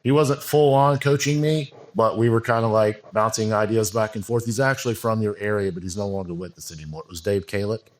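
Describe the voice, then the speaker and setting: Male podcast guest, lowish voice, candid and meandering, casual. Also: fairly even intonation, a little fast, few pauses. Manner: rambling, frank, many fillers and restarts. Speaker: podcast guest, bodybuilding coach. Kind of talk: casual interview talk.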